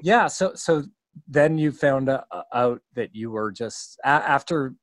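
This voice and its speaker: A man's voice: medium pitch, animated, unhurried, no room sound. A man hosting a casual podcast chat, talking in a meandering way with many fillers. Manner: meandering, chatty, lots of fillers. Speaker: podcast host interviewing a musician.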